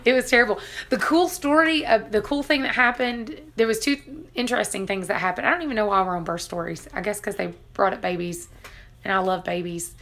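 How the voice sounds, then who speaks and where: A woman's voice: medium pitch, brisk, fairly bright tone. Chatty woman telling stories. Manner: chatty, laughs often, acts out quotes. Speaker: vlogger reading live chat. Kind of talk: casual live-stream storytelling.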